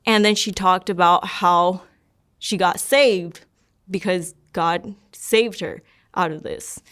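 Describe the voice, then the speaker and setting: A woman's voice: fairly low pitch, slow, fairly bright tone. A young woman telling her personal testimony in a casual, rambling way, full of "like" and repeated words. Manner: rambling, many likes and repeats. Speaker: guest sharing her testimony.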